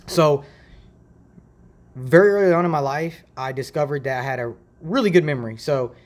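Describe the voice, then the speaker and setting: A man's voice: on the high side, normal speed. A man from Ohio hosts a faith podcast from a makeshift home setup. He talks in a loose, rambling way, slips into slang and circles back to his point. He is recorded close on a decent home mic. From Ohio, USA. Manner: rambling, chatty, relaxed slang. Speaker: podcast host. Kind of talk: casual faith podcast monologue.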